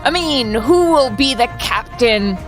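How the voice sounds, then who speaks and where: A woman's voice: a little high, expressive, measured pace, soft background music. A woman co-hosting a casual sports chat in a playful, jokey way. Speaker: co-host.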